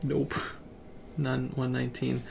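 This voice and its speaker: A man's voice: mid-range voice, flat delivery, slow pace, creaky, a little mellow, slight background noise. A man chatting casually on a livestream while playing a game, laid-back and rambling. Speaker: game streamer. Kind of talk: relaxed livestream chat.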